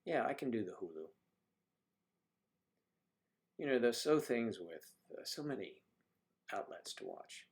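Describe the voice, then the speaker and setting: A man's voice: mid-range voice, sing-song, normal speed, gravelly. Chatty older man hosting a livestream. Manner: chatty, teasing, drifts into soft asides. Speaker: livestream host. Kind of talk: casual chat reading viewer comments. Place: home livestream.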